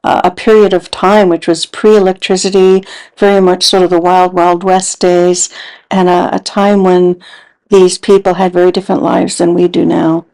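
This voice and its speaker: Female host, slightly low pitch, earnest and reflective voice-over narrator. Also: level tone, moderate pace, darkish tone, poor audio. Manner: earnest, contemplative. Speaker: paranormal investigator host.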